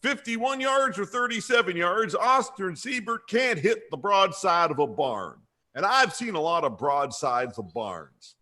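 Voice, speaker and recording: A man's voice: sits high, very animated, a little slow, sharp tone, pitched above the performer's own voice, full character voice. A man doing an impression of a folksy football coach who rambles and repeats himself for emphasis at a press conference. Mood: blustery.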